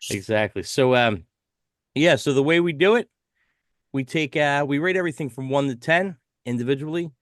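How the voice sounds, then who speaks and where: A man's voice: fairly high pitch, normal speed, dry recording, studio quality. Laid-back man hosting an album review. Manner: laughs often, relaxed banter. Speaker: podcast host. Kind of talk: casual album review chat.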